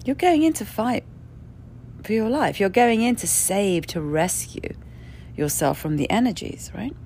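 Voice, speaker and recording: Her voice sits mid-range, a little mellow, with lively intonation and a measured pace, over faint hiss or hum. Speaking indoors in rented lodging, she bluntly describes a spiritual experience in a candid monologue, laughing a lot and swearing freely.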